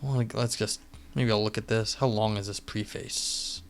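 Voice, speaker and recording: A man's voice: fairly low pitch, steady tone, moderate pace. A man streaming live, chatting casually and rambling with lots of fillers and restarts. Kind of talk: casual live-stream chat and reading aloud. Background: faint music.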